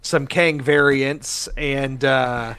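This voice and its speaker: A man on a casual podcast chat, rambling and halting as he talks. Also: medium pitch, fairly even intonation, fairly bright tone, clear, resonant tone.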